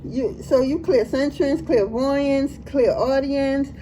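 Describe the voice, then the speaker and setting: A woman's voice: high-pitched, steady tone, slow, mellow, slight background noise, rough recording. Laughing, slangy woman tarot reader. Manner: laughs often, slangy and playful. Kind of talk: casual tarot reading.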